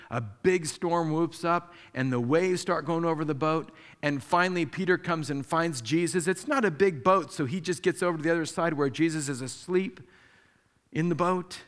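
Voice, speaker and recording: A man preaching a sermon as pastor, animated, acting out the people he quotes with sudden jumps in pitch. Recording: long hall reverb.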